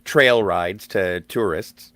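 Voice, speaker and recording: A man's voice: sits low, slow pace, a bit bright, no room sound. A man co-hosting a podcast, adding short remarks to a film recap. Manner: brief interjections and additions. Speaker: podcast co-host. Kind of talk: casual film discussion.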